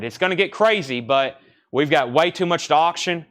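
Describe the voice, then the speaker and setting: A man in his thirties hosting a live-stream record sale, rattling off bids, buyer names and record details in a quick, rambling patter. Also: fairly high pitch, animated, fairly bright tone.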